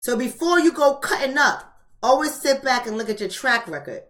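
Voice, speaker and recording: Blunt, preachy woman with a bright voice. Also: sits high, lively intonation, moderate pace. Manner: emphatic, preachy, blunt, repeating rhetorical questions. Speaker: book club host. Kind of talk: live-streamed book club talk.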